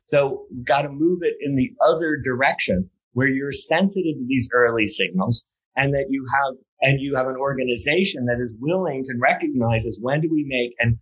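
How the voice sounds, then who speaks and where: Heard through poor audio, a man with a mid-range, fairly bright, slightly rough voice speaks at a moderate pace as a guest on safety culture. His conversational story wanders with fillers and false starts, then rises to forceful points.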